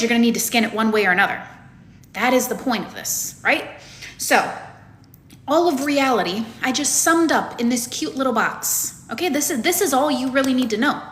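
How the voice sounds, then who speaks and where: A woman's voice: a little high, a bit bright, roomy sound. A woman coach giving a lecture to her students, blunt and emphatic, with plenty of swearing. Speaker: manifestation coach.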